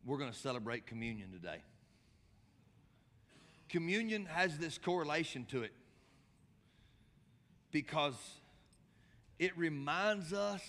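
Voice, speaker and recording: A man preaching a sermon as pastor, impassioned and rising to high, emphatic bursts. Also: a bit bright. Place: large church hall. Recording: long church hall reverb.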